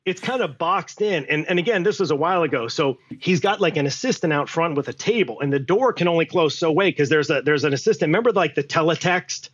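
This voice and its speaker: Guy telling a wild set story, swears a lot, kinda high voice, muffled audio. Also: fast, hardly any pauses. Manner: animated, acts out quotes, swears freely. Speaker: actor, podcast guest. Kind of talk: storytelling anecdote.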